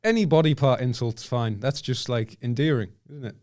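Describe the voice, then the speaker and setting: A young man joins a casual podcast chat as a guest. He drops dry, joking asides at an ordinary pitch. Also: normal speed, darkish tone.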